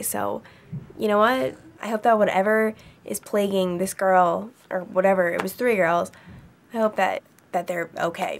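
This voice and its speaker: This creaky, medium-pitched voice belongs to a young adult woman recording a vlog in her dorm room. She shares a rambling, casual story and keeps dropping "like" into nearly every line.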